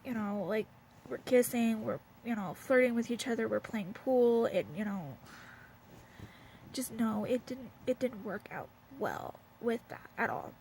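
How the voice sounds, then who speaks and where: Young Southern woman vlogger, higher voice, blunt and rambling, faint room noise. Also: a little slow, darkish tone, low-quality recording. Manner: rambling and blunt, heavy on fillers. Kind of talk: candid casual rant to camera. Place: at home, wrapped in a blanket.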